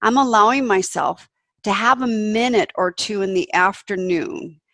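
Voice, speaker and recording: A woman's voice: mid-range voice, measured pace, a bit bright, no echo. A middle-aged woman hosting her own show, talking candidly and emphatically in a personal reflective monologue, swearing freely. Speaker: podcast host.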